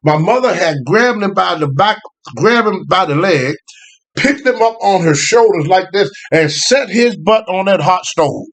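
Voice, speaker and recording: An older man, telling family stories in a casual, animated way, often laughing. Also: sits high, a little slow. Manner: animated, laughing, Southern US phrasing. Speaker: guest storyteller. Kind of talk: casual storytelling.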